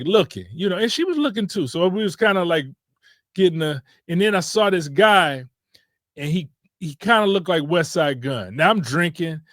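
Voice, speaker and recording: A podcast host from Detroit tells a story in a casual, meandering way, doubling back to fix his words. His voice sits a bit high for a man. The sound is dry and close, with no room echo. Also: a bit bright. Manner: laid-back, rambling, with frequent self-corrections.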